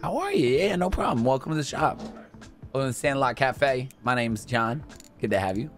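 A young man giving casual gameplay commentary, talking to himself and to in-game customers, swinging from mumbles to shouts. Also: mid-range voice, big pitch swings, moderate pace, soft background music. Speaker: gaming YouTuber.

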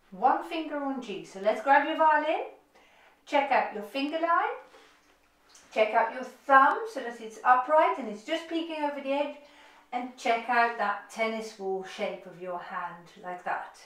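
Woman violin teacher, lively high voice, encouraging, echoey room, a bit off-mic, violin in the background. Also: a little slow, distant mic. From United Kingdom. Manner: encouraging, upbeat instructions. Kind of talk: online music lesson. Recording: roomy echo, off-mic, violin playing.

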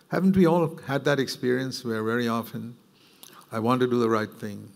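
A man's voice: mid-range voice, steady tone, unhurried, creaky, darkish tone. A man preaching a sermon, earnest and reflective, with bursts of emphatic, rising delivery. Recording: long hall reverb.

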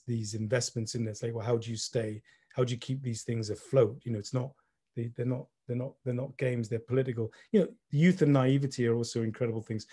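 A middle-aged man, speaking reflectively and softly as a panel speaker on a video call. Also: medium pitch, husky. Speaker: panel speaker, gallery director. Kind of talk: online panel discussion.

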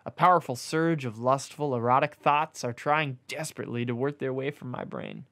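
A man reading a comic erotic novella aloud, mostly deadpan but stopping for amused asides and corrections. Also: mid-range voice, moderate pace. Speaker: reader.

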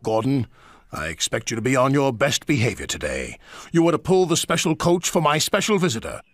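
A man voicing Sir Topham Hatt, a stern, formal railway boss who speaks slowly and commandingly. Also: mid-range voice, big pitch swings, no echo.

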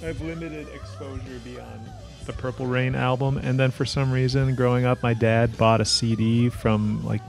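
A man's voice: mid-range voice, fairly even intonation, gravelly, faint music behind. A man co-hosting a podcast, chatting casually about singers, often restarting his sentences with filler words. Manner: talks in quick bursts with many fillers and restarts. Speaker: podcast co-host. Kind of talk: casual chat.

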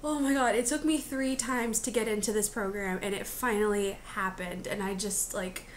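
A woman in her twenties vlogs casually from her bedroom, rambling and chatty with lots of fillers in a confessional way. Her mid-range voice keeps a fairly even intonation at a normal speed, with slight background noise.

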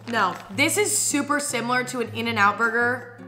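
Bright young woman, blunt casual vlog talk. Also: fairly high pitch. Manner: blunt, candid, swears casually, drawn-out reactions. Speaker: vlogger. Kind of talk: casual snack taste-test vlog. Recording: faint music underneath.

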